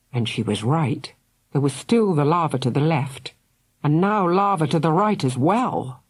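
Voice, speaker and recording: A woman narrating a children's audiobook in a dramatic, expressive way. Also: sits low, measured pace, slightly rough. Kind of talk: scripted narration.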